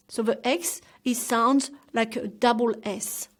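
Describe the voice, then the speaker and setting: Woman language teacher, slow and deliberate, raised voice, over-articulating for learners to repeat. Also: fairly high pitch. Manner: enunciates each word carefully, demonstrating lip shapes. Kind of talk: slow, clear pronunciation lesson.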